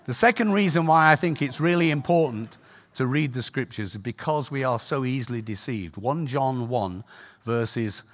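A man's voice: medium pitch, animated, normal speed. Older man preaching. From Scotland. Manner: chatty, laughs at his own stories. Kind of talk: sermon with anecdotes and jokes.

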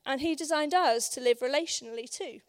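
A woman preaches to a church congregation in a loose, conversational sermon. Her voice sits high and sounds a little hoarse. She fills pauses with ums and keeps checking in with the room. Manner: conversational, many ums, asks the room for agreement. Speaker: guest preacher. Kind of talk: informal sermon. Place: church service.

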